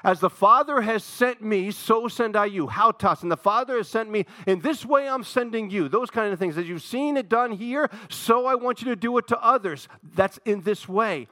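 A man preaching a sermon, rising to loud emphatic peaks, then dropping to low quiet asides, repeating phrases for emphasis. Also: animated, moderate pace, hardly any pauses, no room sound, studio quality. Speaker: pastor.

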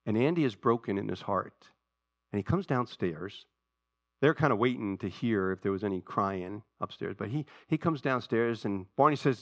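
A man preaching a sermon, telling a story from an old TV show in a conversational way and pausing to ask his congregation questions. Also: lowish voice, lively intonation, dry recording, clean studio sound. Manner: conversational storytelling, retells a TV episode with asides to the congregation. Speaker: pastor.

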